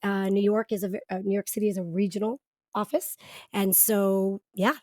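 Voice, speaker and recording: A woman's voice: mid-range voice, flat delivery, moderate pace, dark tone, no echo. A woman guest in a studio podcast interview, telling her story in a chatty way, laughing often with many fillers. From eastern United States. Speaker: podcast guest, business founder. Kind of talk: casual storytelling.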